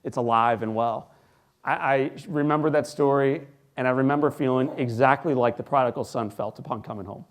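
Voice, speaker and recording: Man telling a story on stage. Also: mid-range voice. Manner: storytelling with dramatic pauses, swinging from hushed to loud. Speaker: keynote speaker. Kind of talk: inspirational keynote speech. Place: large hall before a live audience.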